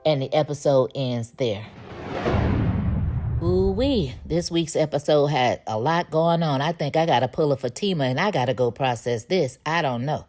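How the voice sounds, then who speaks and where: Woman, low voice, casual chatty TV recap host, opinionated. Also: normal speed, hardly any pauses, darkish tone, faint music behind. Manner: chatty, opinionated, laughs while retelling.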